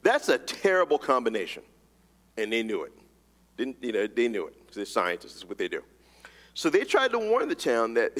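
A man's voice: medium pitch, long reverb tail. A man preaching a sermon, emphatic and casual, reading scripture and telling a story. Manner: animated, rapid-fire emphatic delivery, casual slang.

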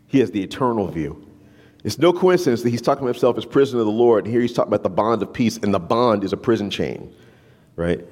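A man preaching a sermon as a pastor, conversational and animated, tagging his points with "right?". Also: lowish voice, fast. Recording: long reverb of a large hall.

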